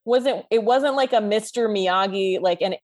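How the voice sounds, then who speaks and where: A woman in a casual podcast discussion, talking in an animated way with many fillers and laughing asides. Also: mid-range voice, normal speed.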